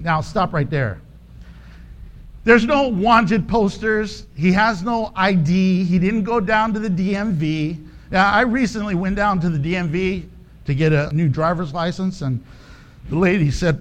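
A man's voice: high-pitched, unhurried. A man preaching a sermon, telling stories with joking asides and acting out the voices of the people in them. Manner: animated storytelling, acts out voices, joking asides. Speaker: pastor.

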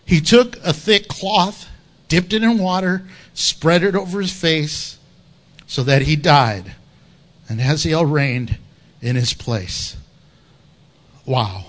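A man's voice: a little high, slow pace, pauses often. A man preaching an expository sermon in an impassioned, emphatic, conversational way.

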